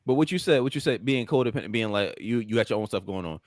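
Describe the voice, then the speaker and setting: A man co-hosting a podcast, arguing his point in a lively casual way. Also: lowish voice, fast. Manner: lively, argumentative, laughs often. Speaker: podcast co-host. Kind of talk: casual chat.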